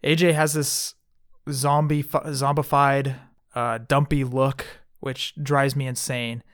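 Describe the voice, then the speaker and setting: A man's voice: mid-range voice, little pitch movement, slow pace, no echo. Laid back podcast guy, chuckles a lot, dry close sound. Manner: laughs often, easygoing. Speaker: podcast co-host. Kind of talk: casual podcast chat.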